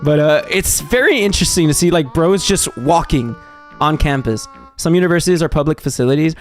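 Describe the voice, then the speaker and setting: Young man, from Texas, live streamer, casual chat, lots of fillers, slightly high voice. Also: lively intonation, fairly quick, soft background music. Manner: rambling, heavy on fillers and restarts.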